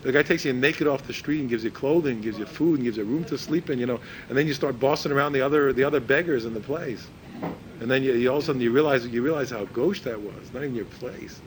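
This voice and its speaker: A male religious teacher gives an informal lecture at a fast pace, repeating words as he searches for phrasing and acting out the people he quotes in a higher voice. The audio is poor, with a little hiss or hum.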